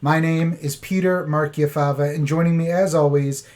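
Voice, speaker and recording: A man's voice: fairly high pitch, fairly even intonation, moderate pace, a crowd in the background. A man co-hosting a podcast from a bedroom, chatting casually and joking. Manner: joking, laughs often. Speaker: podcast co-host. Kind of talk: casual chat. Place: child's bedroom.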